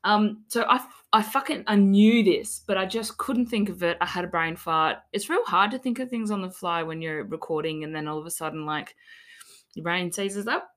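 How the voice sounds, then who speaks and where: A young Australian woman with a slightly low voice chats on a podcast with cheeky humor and the odd swear word. A mild lisp from fresh fillings softens her consonants. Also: moderate pace. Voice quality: slightly lispy from dental fillings. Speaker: podcast co-host. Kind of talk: casual podcast chat.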